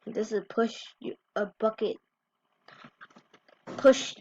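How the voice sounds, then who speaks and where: A woman's voice: on the high side, fairly even intonation, takes it slowly, pauses often, darkish tone, a little hiss or hum. A woman giving casual reaction commentary on fail clips as a YouTuber, exclaiming short reactions. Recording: dry, dull lo-fi recording.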